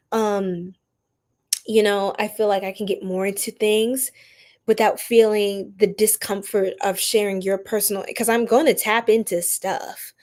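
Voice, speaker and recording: A woman's voice: medium pitch, a little mellow. A woman hosting a casual live stream, greeting viewers by name and laughing often. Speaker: tarot reader and live stream host.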